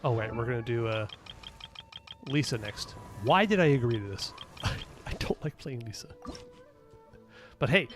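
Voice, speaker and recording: A man streaming a video game, chatting casually, rambling and thinking out loud as he answers his chat. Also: mid-range voice, animated, normal speed, long pauses, faint music behind. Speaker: gaming streamer. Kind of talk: casual gaming commentary.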